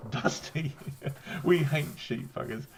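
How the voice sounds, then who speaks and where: Guesting on a livestream, this New Zealand-accented man has had a drink and chats casually, laughing a lot, swearing and rambling. He speaks slowly in a fairly high voice against background noise.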